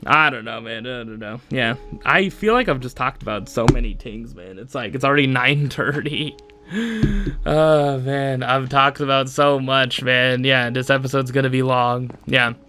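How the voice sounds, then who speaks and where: A man's voice: medium pitch, moderate pace, bright, forceful tone, a little hiss or hum. A young man hosting a solo podcast, rambling casually with lots of fillers and frequent laughs. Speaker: podcast host.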